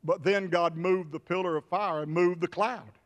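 A pastor preaching a sermon with emphatic repetitions. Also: male voice, sits high, steady tone, normal speed, big-room sound, dull audio.

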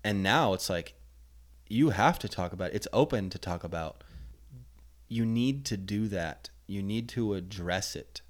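A young man as a podcast guest in casual chat, rambling and animated. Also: lowish voice, a little slow. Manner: rambling, animated, restarts often.

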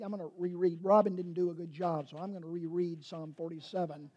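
A man's voice: high voice, fairly even intonation, fairly quick, hardly any pauses, darkish tone, dull audio. A man, a pastor preaching a sermon in a rambling, self-correcting way and teasing his congregation.

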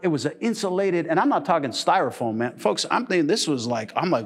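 A middle-aged man pastor preaching a humorous, animated sermon in church, telling stories and laughing as he goes. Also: fairly high pitch, a little fast, few pauses.

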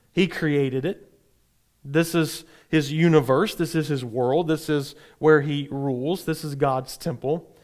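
A man teaching a Bible class, explaining in a relaxed, explanatory way with frequent fillers. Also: on the high side.

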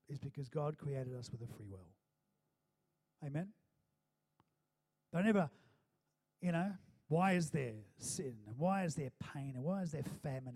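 A male pastor speaking to his congregation in a church, moving between a loose, chatty sermon and prayer. His voice sits slightly high for a man but sounds dark and mellow. He keeps checking in with the room with a questioning "amen?". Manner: conversational preaching, frequent calls of "amen?", fillers and restarts.

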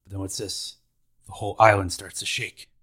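A man's voice: low voice, little pitch movement, normal speed, very noisy. A man hosting a podcast, recapping anime episodes in a laid-back, slangy way.

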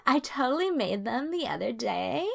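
Woman doing a sing-song sweet lady, higher and drawn out, gravelly edge. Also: big pitch swings, moderate pace, a bit bright, exaggerated voice. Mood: mock cheerful. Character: chirpy white woman claiming credit for a dish.

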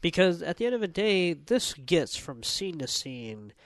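A man's voice: on the high side, big pitch swings, unhurried, no room sound. A man in casual podcast chat, giving his movie opinion in a rambling, hesitant way with some swearing. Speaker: podcast co-host reviewer.

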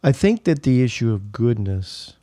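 Measured man explaining carefully. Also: mid-range voice, very animated, warm tone, no echo, clean studio sound. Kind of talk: casual chat.

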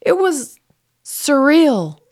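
A woman's voice: high voice, very animated, extremely slow, a little mellow. A woman guest telling a painful personal story in an interview, raw and grieving, her voice surging up when upset. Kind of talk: emotional interview.

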